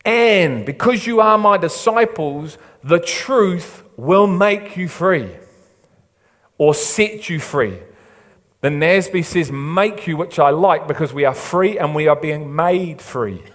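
A man's voice: a little high, takes it slowly. Preaching man in a reverberant hall. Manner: emphatic preaching that drops to a hushed, soft delivery. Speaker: pastor. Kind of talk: sermon.

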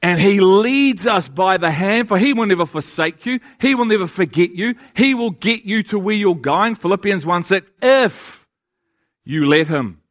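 A man's voice: high-pitched, animated, normal speed. A man preaching a sermon, emphatic and full of rhetorical questions to his listeners.

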